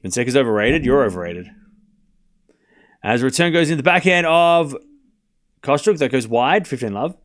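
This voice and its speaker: With a medium-pitched, animated voice and a moderate pace broken by long pauses, this host streams a tennis match live. Between points he gives the score and trades sarcastic jabs with viewers in chat.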